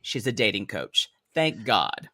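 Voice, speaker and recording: A man co-hosting a podcast, recapping a reality show in casual chat, sarcastic and animated, often laughing as he talks. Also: lowish voice, a little slow, no room sound, studio quality. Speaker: podcast co-host.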